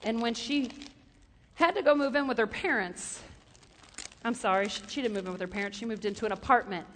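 A woman preaching a sermon in a lively, animated way, repeating questions for emphasis and telling stories. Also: fairly high pitch, a little fast, big-room sound, slight background noise.

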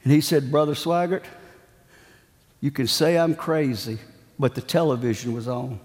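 A man's voice: mid-range voice, normal speed, darkish tone. A man delivers a sermon, building his points through dramatic, repeated phrases and a storyteller's pacing. His voice rings out with a long reverb, as if it fills a large hall. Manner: dramatic, emphatic preaching cadence with repetitions. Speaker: preacher.

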